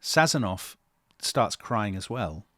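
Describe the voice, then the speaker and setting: Slow and sing-song, a middle-aged man with a very low, fairly bright-toned voice co-hosts a history podcast, dramatically retelling events and performing the voices of people he quotes. The sound is dry and close to the mic.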